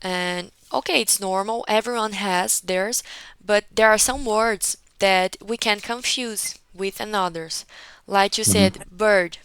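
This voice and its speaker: A woman's voice: mid-range voice, a little slow, a bit bright, clean tone, dry recording, low-quality recording. A woman teaching an English conversation class over a video call, patiently correcting a student and often checking in with "okay?". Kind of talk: one-on-one online class feedback.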